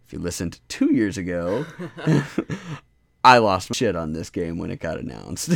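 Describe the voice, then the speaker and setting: A man co-hosting a casual gaming podcast, excitable and quick to laugh and swear. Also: deep voice, creaky, dry recording, studio quality. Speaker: podcast co-host. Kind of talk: casual chat.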